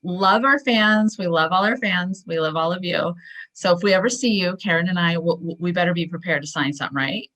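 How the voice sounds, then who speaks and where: Woman hosting an interview, friendly and upbeat, slightly lower voice. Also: brisk, a bit bright, poor audio. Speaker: host.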